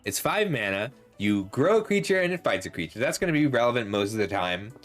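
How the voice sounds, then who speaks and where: With faint music underneath, a game-card host works through a set review in a mid-range voice, a little fast and lively in its rise and fall. His voice is slightly going and sounds a bit tired; he stays chatty and analytic, saying um often and catching and correcting himself.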